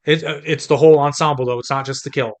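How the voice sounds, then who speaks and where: A man's voice: fairly high pitch, fairly even intonation, fast talker. Chatty man co-hosting a podcast. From United States. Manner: chatty, rambling, talks in restarts. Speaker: podcast co-host. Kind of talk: casual chat.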